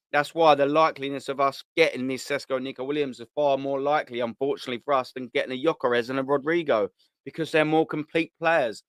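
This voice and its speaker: A man's voice: mid-range voice, steady tone, fast talker, a bit bright, smooth, no echo. A man hosting a live fan stream, chatting bluntly in slang, swearing and repeating himself as he reads out viewer comments. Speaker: host of a live fan show. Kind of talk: casual live-stream chat reading comments.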